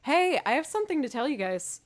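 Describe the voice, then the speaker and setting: A woman's voice: high-pitched, sing-song, brisk. A woman music streamer in casual live-stream chat, rambling, chatty and self-deprecating.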